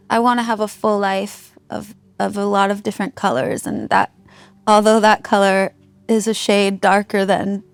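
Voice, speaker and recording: A woman's voice: medium pitch, clear, resonant tone, no echo. A woman in her thirties, a musician, candidly telling a raw personal story, heartfelt and swearing freely. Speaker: guest musician.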